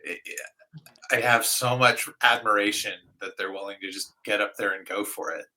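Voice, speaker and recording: A middle-aged man, a guest vocalist, chatting casually in an interview, relaxed, with many fillers and soft trailing phrases. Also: on the low side, moderate pace, poor audio.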